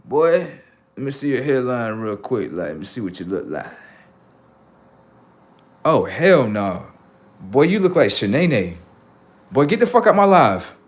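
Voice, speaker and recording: A man's voice: medium pitch, big pitch swings, measured pace, pauses often. A young man live-streaming, doing brash, profane, mocking banter with his chat. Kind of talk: casual live-stream commentary.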